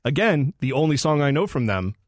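A man's voice: fairly high pitch, no room sound, studio quality. A man hosting a talk radio show, bantering jokily and breaking into playful voices. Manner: jokey, animated, quick to mimic others. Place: radio studio. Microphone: studio microphone.

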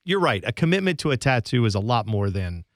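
A man's voice: medium pitch, fast talker, no echo, clean studio sound. Joking, sarcastic man on a podcast. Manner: joking, sarcastic, animated storytelling. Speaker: podcast co-host. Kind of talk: casual sports chat.

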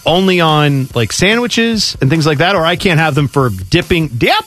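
A man's voice: a little high, animated, normal speed, a bit bright, faint music behind. A man co-hosting a radio show, laughing often and weighing questions with chatty asides. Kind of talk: casual sports-radio banter.

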